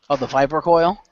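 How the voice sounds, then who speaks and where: A man's voice: fairly high pitch, vocal fry, a bit bright, no room sound. A man hosting a casual podcast chat, rambling through stories with lots of fillers. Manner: rambling, filler-heavy storytelling. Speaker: podcast host. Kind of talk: casual chat recapping wrestling. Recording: dull, dry lo-fi podcast audio.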